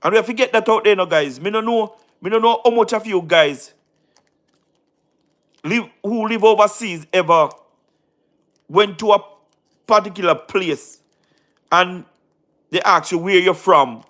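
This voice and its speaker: Unhurried and with long pauses, a tired man with a Jamaican accent chats casually with his live-stream audience in a slightly high, somewhat bright voice. He drops into patois, repeats himself for emphasis and names viewers as he replies.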